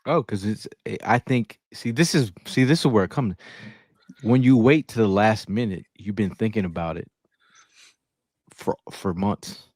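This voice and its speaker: This podcast co-host has a fairly low, slightly mellow voice and speaks a bit slowly, trading casual sports banter. His storytelling is emphatic, and he repeats phrases as he goes. The studio-quality audio has no room sound.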